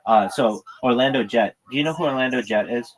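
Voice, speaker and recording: A man's voice: mid-range voice, a little fast, poor audio. A man telling a rambling, profanity-laced story in a casual livestream monologue.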